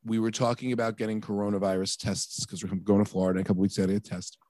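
Very fast and fairly low-pitched, a man in his thirties or forties co-hosts a podcast recorded at studio quality with no room sound. In casual talk he tells an animated family story, voicing the dialogue with plenty of exasperation.

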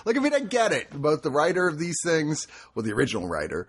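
Animated husky male podcast host. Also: a little high, fast. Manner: animated, rambling with restarts and swearing. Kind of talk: casual chat.

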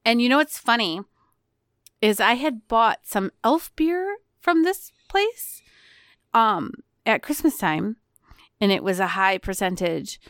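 Tipsy woman podcast co-host, animated and profane, smooth voice. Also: a little high, takes it slowly, dry recording, studio quality. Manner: animated, swearing, laughing, acting out scenes. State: a little tipsy from beer. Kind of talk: casual movie-discussion chat.

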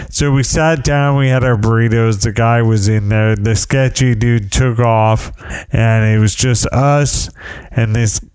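A man's voice: medium pitch, darkish tone, clear, resonant tone, dry recording. A middle-aged man telling a rambling, wry story in casual monologue, often restarting his sentences.

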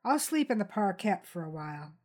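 A woman's voice: medium pitch, sing-song, fairly quick, a little mellow. Woman voicing a defensive runaway teen boy, curt, storybook reading. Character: defensive fifteen-year-old runaway boy.

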